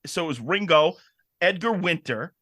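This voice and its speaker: A man co-hosting a podcast, telling stories in an excitable, animated casual chat. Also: fairly high pitch, moderate pace, dry recording, studio quality. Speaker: podcast co-host.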